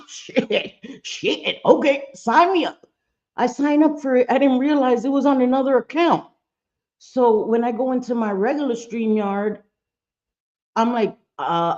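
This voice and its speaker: A chatty woman hosts a casual livestream from her room at home, greeting viewers by name, swearing freely and laughing between sentences. Her voice sits at a middle pitch and comes through a computer mic, and the stream audio sounds a little dull and lo-fi. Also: unhurried, darkish tone. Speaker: livestream host. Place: home room with bright lights.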